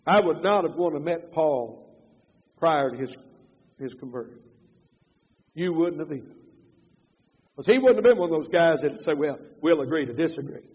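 Older preacher, high husky voice, swings loud to hushed, dull echoing church hall. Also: male voice, animated, moderate pace, pauses often. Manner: swings from loud emphatic preaching to quiet confessional storytelling. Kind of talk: sermon.

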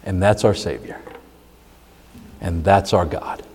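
A man's voice: low voice, takes it slowly, darkish tone, slight background noise. A man preaching a sermon as pastor, emphatic and building in intensity. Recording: long hall reverb.

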